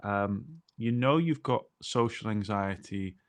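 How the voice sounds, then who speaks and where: Male co-host, lowish voice, talkative explainer. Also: lively intonation, slow pace. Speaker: podcast co-host. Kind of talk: explanatory podcast chat.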